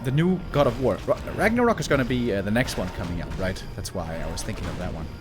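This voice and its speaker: A man calling an esports match live in a relaxed, chatty way. He gasps and exclaims at the big moments, then wanders off into easygoing side talk with the viewers. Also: lowish voice, fast talker, over music. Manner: chatty, exclaiming at plays, drifts into asides to chat. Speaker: esports caster. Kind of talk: live game commentary.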